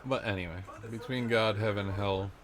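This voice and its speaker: Rambling low-voiced man, chatter behind. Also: fairly even intonation, normal speed. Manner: rambling, trailing off, frequent fillers and self-restarts. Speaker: vlogger. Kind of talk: rambling casual monologue. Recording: background crowd chatter.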